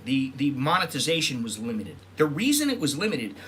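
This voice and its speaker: Here a middle-aged vlogger from the US tells stories in a loose, meandering monologue, catching his own mistakes and voicing other people's lines. He speaks at medium pitch that swoops wildly, a little fast, with a fairly bright tone. A little hiss or hum sits under the recording.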